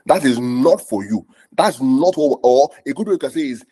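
A man's voice: mid-range voice, animated, a little fast, mellow, breathy edge, dry recording. A man preaching a sermon, explaining scripture verse by verse, repeating himself and asking the audience questions.

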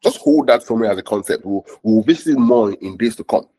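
A man's voice: on the low side, a little fast, dark tone, breathy edge, dry recording. A man preaching a sermon, explaining scripture verse by verse, repeating himself and asking the audience questions.

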